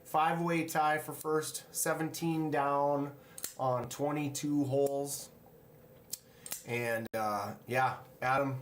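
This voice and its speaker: Relaxed man chatting on a livestream. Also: medium pitch, slow pace, a little hiss or hum. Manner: chatty, reads viewer comments aloud and greets chatters. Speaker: livestream host. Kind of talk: casual live-stream chat. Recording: roomy, echoey room sound.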